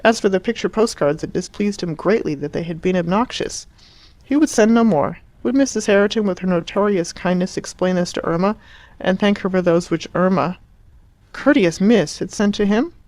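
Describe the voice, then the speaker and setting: A woman reading a classic novel aloud as an audiobook narrator, measured and expressive at a steady middle pitch. The voice sits close and dry, with no room sound. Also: no room sound. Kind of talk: scripted narration.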